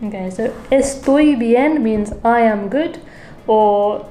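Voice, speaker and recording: A woman's voice: on the high side, takes it slowly, dark tone, roomy sound, faint music behind, low-quality recording. A woman co-hosting a casual language lesson, explaining phrases in English in a chatty, friendly way. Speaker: co-host.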